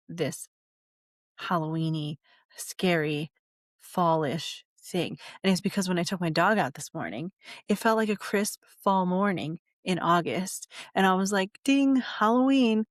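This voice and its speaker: Woman podcast host, high, giggly and wandering, lowish pitch, close and dry. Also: no echo. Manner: giggly, rambling, repeats herself. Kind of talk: casual chat.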